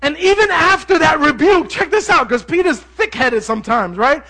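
A male preacher speaks in a very high, bright, forceful voice. He keeps his sermon lively and conversational, talking straight to the congregation and slipping in jokes. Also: moderate pace.

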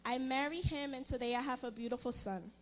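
A young woman giving a personal testimony in church, earnest and halting, often restarting her sentences. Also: sits high, noisy background.

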